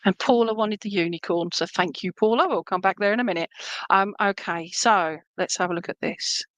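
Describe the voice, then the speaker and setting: A woman talks viewers through live readings in a chatty, rambling way, checking in with "okay?" as she goes. Her voice sits at a middling pitch. The sound is dry and close, with no room around it. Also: brisk, no echo, low-quality recording. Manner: warm, chatty, meandering, lots of fillers and "okay?". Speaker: psychic medium doing live readings. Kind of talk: live-stream reading, casual chat to viewers.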